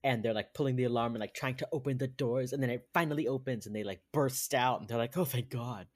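A man with a voice of medium pitch chats casually on a podcast. He walks through an episode in a relaxed way and chuckles often as he goes. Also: fast. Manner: laid-back, chuckling episode recap. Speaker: podcast co-host. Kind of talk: casual chat.

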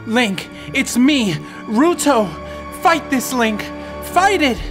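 A man's voice: very high-pitched, animated, slow pace, music in the background, voice pushed up, heavily acted. A man voicing a fierce young queen of a fish people, pleading and commanding with urgency. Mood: urgent.

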